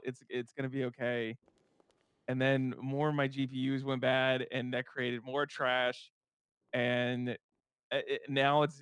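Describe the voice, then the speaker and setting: A man's voice: medium pitch, a bit bright, clean tone, no room sound. A young man with a groggy morning voice, chatting in a roleplay game and stammering as he rambles. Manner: stammering, rambling, self-amused. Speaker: roleplay player. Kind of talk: casual roleplay chat.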